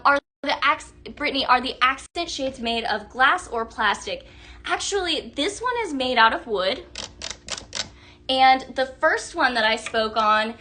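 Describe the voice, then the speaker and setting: Bright, gushing woman hosting a live shop. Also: fairly high pitch. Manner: chatty, gushing, reads viewer comments aloud. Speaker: livestream sales host. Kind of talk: casual live shopping demo.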